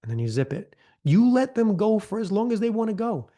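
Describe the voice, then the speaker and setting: A man leading a live training session, talking casually and often checking in with "right?", acting out gentle counselor prompts in a softer voice. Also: sits high, big pitch swings, a little fast. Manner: conversational, often tags lines with "right?". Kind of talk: live online training talk.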